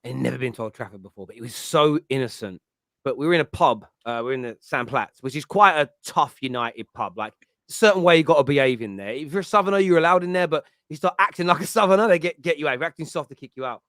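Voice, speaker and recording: A man hosts a casual chat, bright and forceful in tone, his voice sitting a touch high. He tells stories with animated energy and laughs easily, recorded close and dry. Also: fast talker, no echo. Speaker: podcast host.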